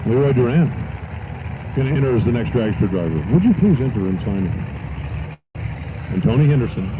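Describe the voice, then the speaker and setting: Brisk and lively in his intonation, a mid-range male voice announces live from an outdoor dragstrip. Race calls alternate with folksy joking asides, and the dull live-stream sound is crowded with loud track noise.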